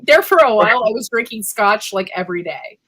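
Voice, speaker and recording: A woman's voice: medium pitch, lively intonation, fairly quick, a bit bright. A woman hosting a casual live-stream chat from home, sick and coughing, chatty and laughing often. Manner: chatty, laughing, says freaking a lot. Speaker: host.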